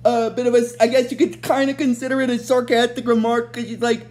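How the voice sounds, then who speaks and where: A woman with a fairly high voice recapping a TV episode off the cuff. She rambles, backtracks and fills pauses as she goes. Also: flat delivery, a little mellow. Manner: rambling, many fillers and restarts. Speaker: show recap host.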